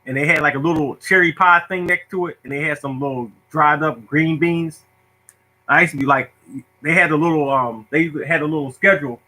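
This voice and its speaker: A man's voice: on the high side, fairly quick, pushed and bright, rough recording. A middle-aged man telling a funny story from his childhood in casual talk, laughing often and acting out the people in it. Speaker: storyteller host. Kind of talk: casual storytelling monologue to viewers.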